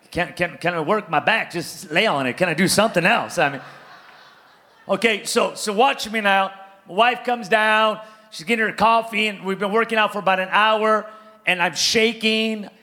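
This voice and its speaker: Male pastor, high and bright, playful storyteller who works the crowd. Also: normal speed. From California, US. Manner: animated, playful, calls out to congregation. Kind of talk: sermon with comic storytelling.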